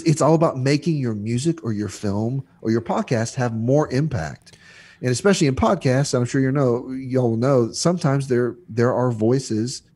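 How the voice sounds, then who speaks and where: A man talking as a guest on a podcast, explaining sound mixing in a halting way with lots of restarts and examples. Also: mid-range voice, darkish tone, husky. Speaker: audio educator guest. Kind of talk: casual podcast chat.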